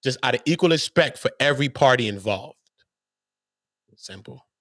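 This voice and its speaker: A man's voice: mid-range voice, lively intonation, moderate pace, a bit bright, dry recording, studio quality. A man hosting his own channel, ranting to viewers in a blunt, openly profane and emphatic way. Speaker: channel host.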